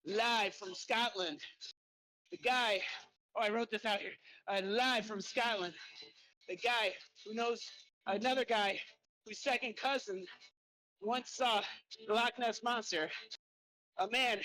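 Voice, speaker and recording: A man's voice: high-pitched, unhurried, long pauses, pushed and bright. A middle-aged man hosts a live podcast from his bike trainer, out of breath as he pedals. He talks in an upbeat, chatty way, laughing and stumbling over his words. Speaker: podcast host. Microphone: desk mic on a stand.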